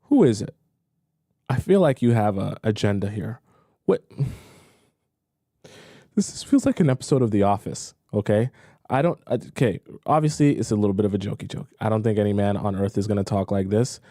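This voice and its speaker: A man's voice: lowish voice, lively intonation, brisk, dark tone, no room sound, clean studio sound. A man working as a dating coach who reacts to clips in a casual, playful, teasing way. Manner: playful, chatty, teasing asides. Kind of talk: casual commentary.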